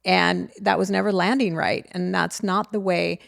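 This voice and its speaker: Gravelly low-voiced middle-aged woman. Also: fairly even intonation, moderate pace, no echo, clean studio sound. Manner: earnest, reflective, faith-centered. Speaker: podcast co-host, mother. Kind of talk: casual heartfelt conversation.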